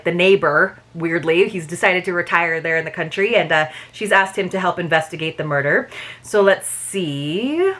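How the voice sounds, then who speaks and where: A woman's voice: on the low side, fairly bright tone. Chatty woman reviewing a book box. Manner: chatty, laughs at herself, reads excerpts aloud. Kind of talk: casual review vlog with read-aloud passages.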